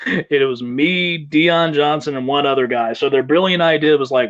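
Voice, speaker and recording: A man's voice: on the high side, normal speed, a bit bright, muffled recording. A man, a wrestler and guest, telling long rambling stories from his career with fillers and laughs. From South Carolina, US. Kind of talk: interview storytelling.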